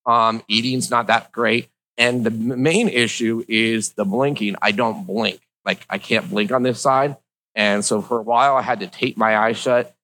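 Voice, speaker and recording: A man's voice: medium pitch, fairly even intonation, moderate pace, sharp tone, low-quality recording. A middle-aged man with slightly slurred speech, telling a personal story in a casual, joking, rambling way.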